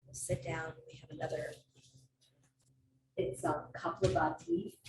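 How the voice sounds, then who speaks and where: A woman yoga instructor guiding a class with calm, unhurried cues and occasional laughing asides about herself. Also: deep voice. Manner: calm cueing with light self-laughing asides. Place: athletic club studio. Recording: roomy echo from far off, faint ambient noise.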